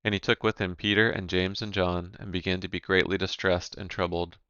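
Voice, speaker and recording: A man giving a measured, even reading of Bible scripture, announcing each section heading. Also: low voice, clear, resonant tone, no room sound, lo-fi sound. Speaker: scripture reader.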